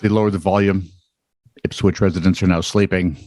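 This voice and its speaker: A man's voice: deep voice, steady tone, brisk, a little mellow, no room sound. A man co-hosting a comedic news podcast, reading strange headlines with wry asides in a casual chat. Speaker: podcast co-host.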